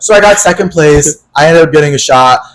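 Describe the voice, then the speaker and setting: A young podcast co-host tells a story in a casual, dramatic way, acting out quotes in different voices and swearing freely. His voice is on the high side and he talks a little fast. The audio quality is poor.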